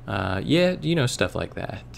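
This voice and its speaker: A man's voice: lowish voice, sing-song, a little slow, gravelly, a little hiss or hum. A man hosting a let's play, rambling, joking and swearing in casual gameplay commentary. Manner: rambling, joking, profane, puts on silly voices.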